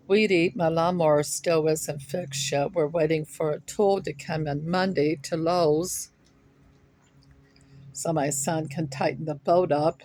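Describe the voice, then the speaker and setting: A woman's voice: sits low, darkish tone, slight background noise. An older woman, chatting in a rambling way while out of breath, sitting outside her home. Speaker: vlogger. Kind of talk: casual chat.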